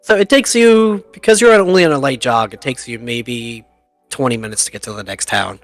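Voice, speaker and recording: A man's voice: mid-range voice, fairly quick, no room sound, faint music behind. A man narrating as game master of a tabletop game, chatty and laughing often at his own jokes.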